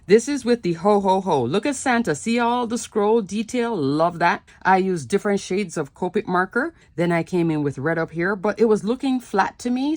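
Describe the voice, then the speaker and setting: A woman's voice: mid-range voice, no echo. A woman hosting a papercraft video, chatting casually and bubbly as she shows her cards, often repeating "love, love" and calling viewers "crafters".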